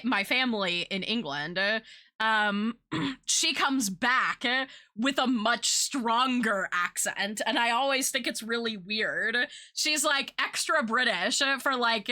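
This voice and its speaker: A woman's voice: fairly high pitch, pushed and bright. A young woman streamer chatting casually with her viewers, rambling and filling her talk with "like" and "uh". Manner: chatty, rambling, filler-heavy.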